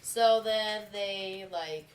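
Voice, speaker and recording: A woman co-hosting a podcast, chatting casually and retelling a book's plot with lively quotes. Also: mid-range voice, extremely slow, low-quality recording. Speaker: podcast co-host. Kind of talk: casual book chat.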